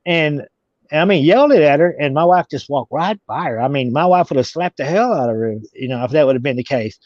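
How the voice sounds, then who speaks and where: Guy rambling through a story, kinda high voice, stammers a lot, dull dry audio. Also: expressive, a little mellow, no echo. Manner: halting, repeats words and restarts. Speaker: guest. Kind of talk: casual storytelling.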